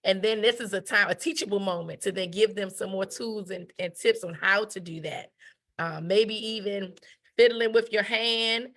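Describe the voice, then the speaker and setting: Woman teaching manners, chatty and emphatic, repeats herself a lot, middle pitch. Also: steady tone, moderate pace, fairly bright tone. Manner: emphatic, repeats key phrases, asks "right?"; acts out quoted speech. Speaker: etiquette educator. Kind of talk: conversational teaching talk.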